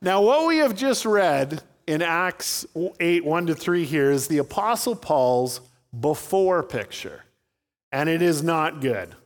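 A man's voice: fairly high pitch, big-room sound. A man preaching a sermon as pastor, telling stories and acting out voices in his anecdotes.

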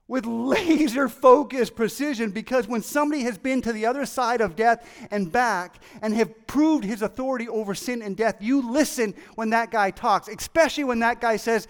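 Excitable high-voiced preacher in a reverberant hall. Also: male voice, a little slow, clear, resonant tone. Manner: excitable, animated, acts out quoted voices. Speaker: pastor. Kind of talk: sermon. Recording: long reverb of a large hall.

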